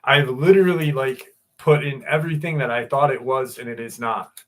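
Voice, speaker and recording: A man hosting a livestream in loose, casual chat, greeting viewers by name and swearing freely as he gets excited. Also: mid-range voice, normal speed. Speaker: livestream host.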